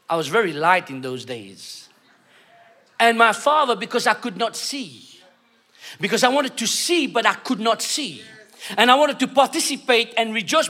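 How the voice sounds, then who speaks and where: A man preaching a sermon, emphatic and call-and-response, often rising to shouts. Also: high-pitched.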